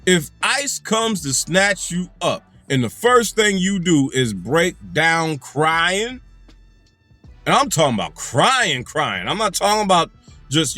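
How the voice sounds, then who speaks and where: A man's voice: fairly high pitch, pushed and bright, no echo. A man delivering an angry, profane commentary rant, hammering his points with repetition. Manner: angry, emphatic, heavy profanity, repeats phrases for emphasis. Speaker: commentary channel host.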